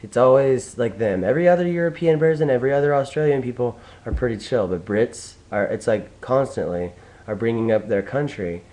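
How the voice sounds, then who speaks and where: A man's voice: medium pitch, brisk, warm tone, low-quality recording. A young man from the United States talking alone in a casual, profane, rambling monologue with many restarts. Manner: profane, ranting, full of restarts. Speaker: vlogger.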